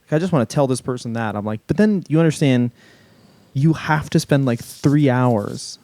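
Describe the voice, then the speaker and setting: A man co-hosting a casual comedy podcast, speaking bluntly with swearing and dropping his voice low when he quotes people. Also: moderate pace, mellow, dry recording. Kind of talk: casual chat.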